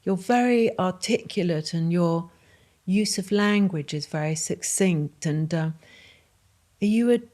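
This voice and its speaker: A woman's voice: lowish voice, unhurried, a little mellow. A woman host asking questions and giving effusive compliments in a rambling way. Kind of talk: interview questions.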